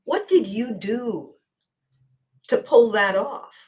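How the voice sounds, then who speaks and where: A woman hosting a podcast, telling stories in an animated way, acting out quoted voices and dropping to quiet asides. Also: on the high side, slow. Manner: laughs often, drops to quiet asides. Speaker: podcast host and coach. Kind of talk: storytelling monologue.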